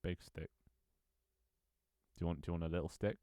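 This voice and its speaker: A man with a very low voice chats loosely over a multiplayer game, teasing other players and breaking into chuckles. The sound is dry and close, with no room around it. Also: monotone, a little fast, dark tone, no echo. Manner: playful, joking, chuckles often. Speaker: gaming streamer. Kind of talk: casual gameplay chat.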